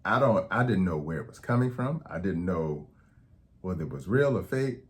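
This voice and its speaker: Speaking straight to the camera at a normal pace, this deep-voiced, animated health educator explains topics in a conversational way. He frequently asks "okay?" and performs the quoted lines in his anecdotes.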